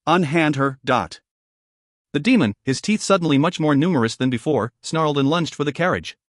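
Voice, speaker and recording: A man reading an audiobook narration in a measured, expressive storytelling manner. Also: fairly high pitch, no room sound, studio quality. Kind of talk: scripted narration.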